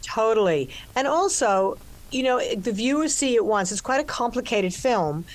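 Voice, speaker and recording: A woman's voice: a little high, animated, normal speed. Older woman talking freely in an interview. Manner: expansive, restarts often, many "you know"s. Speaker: actress and co-writer discussing her film. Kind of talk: conversational interview.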